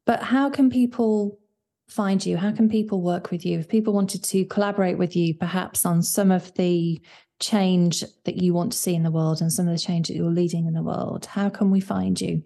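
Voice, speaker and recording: A woman hosting a podcast, asking questions in a gentle, measured way. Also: on the low side, steady tone, vocal fry. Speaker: podcast host. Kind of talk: interview questions.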